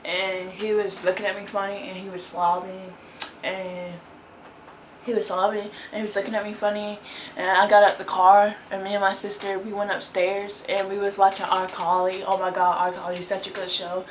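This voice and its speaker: A woman's voice: mid-range voice, level tone, moderate pace, slight background noise. A woman vlogger telling a story in a casual, rambling way, full of fillers and restarts. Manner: rambling, filler-heavy with frequent "like" and "um". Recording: roomy echo with faint ambience.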